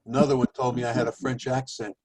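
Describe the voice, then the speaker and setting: A man's voice: medium pitch, level tone, fast, darkish tone, husky, no room sound, rough recording. A man from New Jersey telling a brief, amused anecdote in casual chat. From New Jersey, United States. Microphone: video call.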